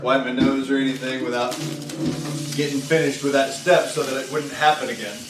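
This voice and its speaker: A man's voice: medium pitch, a little fast, noisy background. Chatty man cooking on a stream. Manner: relaxed, chatty, explains steps as he cooks. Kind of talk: casual cooking chat. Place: home kitchen. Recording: echoey kitchen with background music. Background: royalty-free background music.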